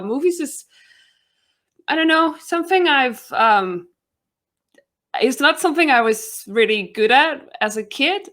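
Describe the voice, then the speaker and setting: A woman's voice: a little high, a bit bright. A young woman from Denmark with a Danish accent, a guest giving a chatty self-introduction with frequent laughter.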